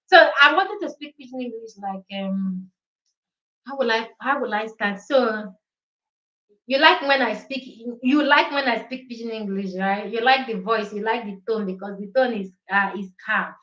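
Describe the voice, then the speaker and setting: This is a Nigerian woman, an Igbo speaker, hosting a casual live chat from home. Her voice sits a little high, and she drifts between English, Pidgin and a bit of Italian as she talks. The sound is roomy and slightly dull, like a live stream. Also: moderate pace, sharp tone.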